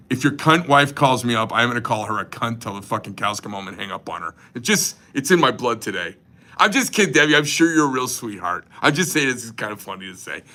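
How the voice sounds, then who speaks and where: A man rambles and jokes in a crude, profane way. His voice is bright and forceful, at a middling pitch. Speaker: knife company owner. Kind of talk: casual crude livestream rant.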